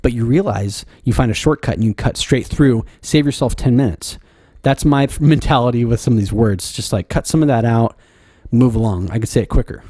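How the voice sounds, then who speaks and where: A man co-hosting a podcast in loose, rambling chat. His voice is mellow and dark, recorded close and dry. He keeps circling back to his own odd pronunciations. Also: mid-range voice, fairly quick, no echo. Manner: rambling, self-conscious about his pronunciation. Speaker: podcast co-host. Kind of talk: casual chat.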